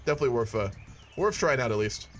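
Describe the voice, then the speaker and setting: A man's voice: medium pitch, animated, quick pace. A man giving casual, profane gameplay commentary with wry asides. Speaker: gaming video creator.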